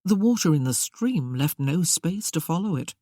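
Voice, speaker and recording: A woman reads a romance novel aloud in a measured, steady way. Her voice sits low with a warm, mellow tone. The recording is dry and close, with no room sound. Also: no echo. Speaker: audiobook narrator. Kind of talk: scripted romance narration.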